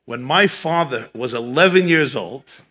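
A man who is a rabbi, telling a story at a gathering in a lively way and repeating key phrases for emphasis. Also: medium pitch, measured pace, breathy edge. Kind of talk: animated storytelling talk at a gathering.

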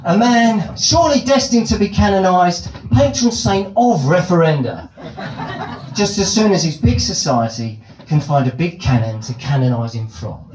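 Wordy, lively British stand-up man. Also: sits high, moderate pace, roomy sound, background noise. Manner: wordy, ironic, elaborate phrasing. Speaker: stand-up comedian. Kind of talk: stand-up comedy storytelling.

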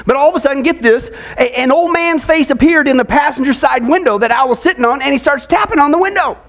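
High-voiced pastor telling a joke story, playful, keeps the crowd involved. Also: male voice, fast. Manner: animated, joking, draws in the audience. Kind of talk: sermon storytelling.

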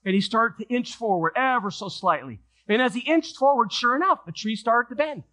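A man pastor delivering a sermon, telling a story with lively acted voices in a church. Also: very high-pitched, a little fast. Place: church sanctuary.

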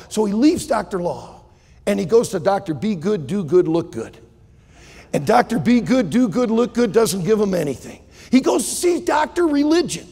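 A male pastor preaching a sermon, telling a story and swinging between hushed and loud delivery. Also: sits high, big pitch swings, normal speed, creaky, slightly rough, long reverb tail.

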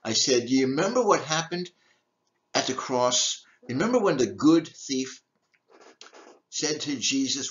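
A man's voice: mid-range voice, lively intonation, unhurried, a bit bright, lo-fi sound. An older man, a deacon, giving an emphatic teaching talk with rhetorical questions. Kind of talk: teaching talk on church history.

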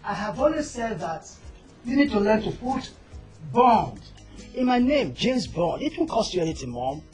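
A man's voice: high voice, very animated, normal speed, darkish tone, soft background music. A man playing a flippant cocky young son. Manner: flippant, mocking. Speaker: actor. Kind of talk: Nigerian film drama.

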